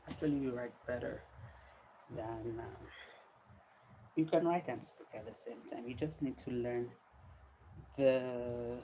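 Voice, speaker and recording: A woman's voice: extremely low pitch, dark tone, slight background noise, low-quality recording. A tired woman vlogger chatting casually on a livestream, pleading with viewers and drawing out her words.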